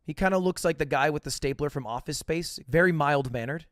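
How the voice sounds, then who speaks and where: A man's voice: a little high, fairly quick, a bit bright, no room sound, clean studio sound. A man telling a casual, profane, self-mocking story as a podcast host.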